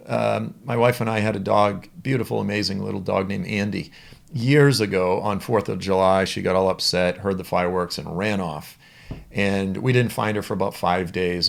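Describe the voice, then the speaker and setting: A man's voice: fairly low pitch, vocal fry. A man teaching the Bible in a conversational, storytelling way.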